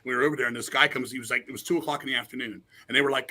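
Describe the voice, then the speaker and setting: A middle-aged man telling stories in a loud, rapid, profane way, acting out the quotes as a podcast guest. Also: medium pitch, rough recording. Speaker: podcast guest, metal musician. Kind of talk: casual chat, storytelling.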